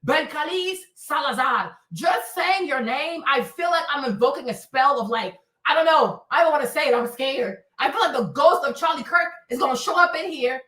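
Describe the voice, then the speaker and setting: Woman host, high and lively, bright sharp voice, dramatic gossip with shrieks and Spanish asides, echoey room. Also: normal speed, few pauses, far from the mic. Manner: loud, dramatic, with shrieks and laughter; switches into Spanish phrases. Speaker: livestream host. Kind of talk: casual gossip commentary.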